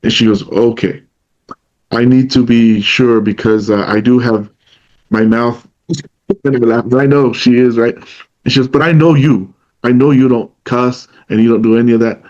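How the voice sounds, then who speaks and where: A man's voice: mid-range voice, steady tone, unhurried, darkish tone, dull audio. A man co-hosting a casual talk podcast, telling long personal stories and acting out what his friends said. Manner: storytelling, retells what others said in their voice. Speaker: podcast co-host. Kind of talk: casual conversation.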